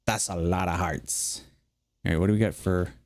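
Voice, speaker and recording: A middle-aged man with a low voice speaks at normal speed with fairly even intonation. Streaming his gameplay over faint background music, he rambles through casual anecdotes full of fillers.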